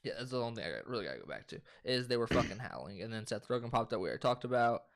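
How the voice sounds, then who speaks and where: A man's voice: medium pitch, racing, vocal fry. A young man co-hosting a casual movie review chat, retelling scenes with swearing and laughter. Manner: animated, profane, laughs while retelling scenes. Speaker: co-host.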